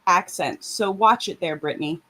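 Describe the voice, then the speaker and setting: A woman's voice: lowish voice, moderate pace, sharp tone. A middle-aged woman co-hosting a casual reaction chat, blunt and profane. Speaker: co-host.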